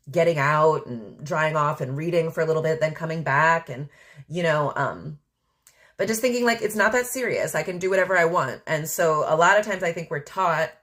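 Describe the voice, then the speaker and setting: A woman with a lowish voice talks solo on her podcast in a loose, reflective way. She rambles candidly and leans heavily on filler words as she thinks aloud. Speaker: podcast host. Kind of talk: casual reflective monologue.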